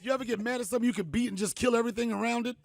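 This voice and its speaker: A man's voice: extremely high pitch, racing, no room sound, studio quality. A middle-aged man hosting a crowd, telling loose, slangy, joking stories. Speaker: comedian host speaking to an event crowd. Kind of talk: storytelling speech to a live crowd.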